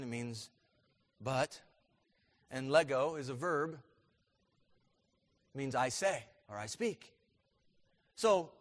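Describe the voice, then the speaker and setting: A man preaching a sermon as pastor, asking his congregation questions and building to loud, emphatic peaks. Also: mid-range voice.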